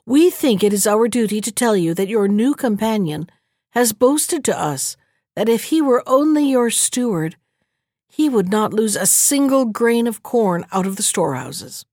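A woman's voice: fairly high pitch, unhurried, dry recording, clean studio sound. A woman doing sly scheming soldiers. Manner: sly, flattering. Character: gruff scheming discharged soldiers, men.

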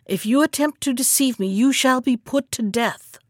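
A woman's voice: high-pitched, normal speed, dry recording, studio quality. A woman playing a furious cruel king. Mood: stern. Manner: stern, commanding. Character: angry suspicious male king, cruel.

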